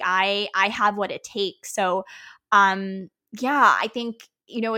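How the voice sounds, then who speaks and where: Bright, chatty woman podcast co-host. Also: mid-range voice. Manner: chatty, many filler likes, laughs often. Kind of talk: casual podcast chat.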